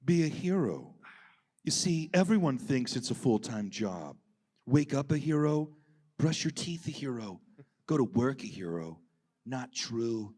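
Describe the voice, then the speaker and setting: A man reading a lofty, earnest hero with a deliberately bad Russian accent in a live comedic table read. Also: fairly high pitch, natural voice. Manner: lofty, speechifying. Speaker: voice actor. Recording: live convention panel, reverberant hall.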